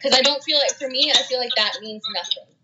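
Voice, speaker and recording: A woman's voice: high voice, a little fast. A woman chatting in a casual group talk, earnest and rambling, often restarting her thoughts. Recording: dull lo-fi audio, loud noise.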